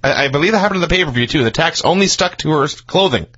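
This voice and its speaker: A man co-hosting a wrestling review podcast, with dry, wry commentary and quick deadpan asides. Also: on the high side, husky, dull audio. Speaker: podcast co-host. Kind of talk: casual wrestling review chat.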